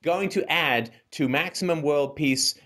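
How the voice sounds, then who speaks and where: A man's voice: on the high side, measured pace. A man hosting a call-in talk show, delivering a casual ranting monologue full of rhetorical questions. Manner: animated, rhetorical, keeps asking "right?".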